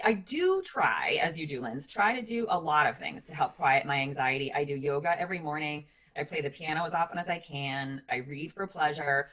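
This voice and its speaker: A woman with a low voice co-hosts a relaxed podcast chat. She sounds like she's in her forties. She talks candidly and chattily, and her speech is full of fillers. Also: fairly quick. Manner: animated mimicry of her kids in high voices. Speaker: podcast co-host. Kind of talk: casual chat.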